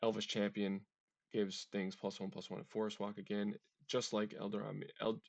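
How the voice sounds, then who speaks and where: A man's voice: on the low side, level tone, normal speed, vocal fry, dry recording. A man hosting a casual card-game deck walkthrough, chatty and often tripping over card names. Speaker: deck tech host.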